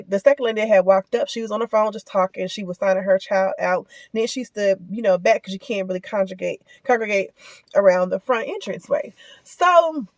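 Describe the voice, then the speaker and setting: A mother talks straight to her viewers in a lively, casual rant, full of asides. Her voice sits in a middle pitch. The phone audio from her car is close and dry. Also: no room sound. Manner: animated, lots of asides and direct address to viewers. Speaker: vlogger and mother. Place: in a car, on the way to pick up kids.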